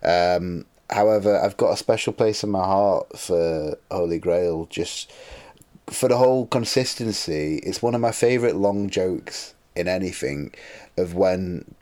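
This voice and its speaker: A man's voice: low voice, measured pace, mellow. A man co-hosting a casual podcast, rambling and laughing often. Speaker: podcast co-host.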